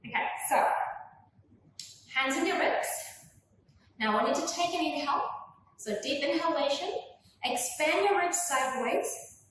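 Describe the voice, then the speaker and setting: Gentle high-voiced woman leading pilates. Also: unhurried, long pauses. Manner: gentle, calm cueing of breath and movement. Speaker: pilates instructor. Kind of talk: guided workout instruction. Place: room at home. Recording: echoey room from far off, faint noise.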